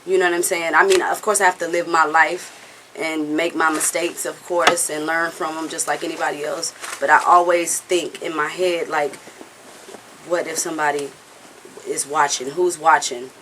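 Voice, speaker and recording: A woman's voice: sits low, fairly even intonation, moderate pace, background noise. A woman in a candid, casual interview who talks earnestly and bluntly, rambling and often checking in with the listener. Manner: earnest, rambling, with frequent "you know what I'm saying"; blunt, occasional swearing. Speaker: singer being interviewed.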